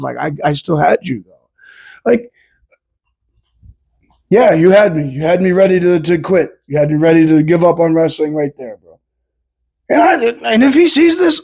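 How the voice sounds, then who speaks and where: A man's voice: sits high, creaky, breathy edge. A young man ranting casually as a vlogger, heated and profane, tacking "bro" and "dude" onto his sentences. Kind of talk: casual rant.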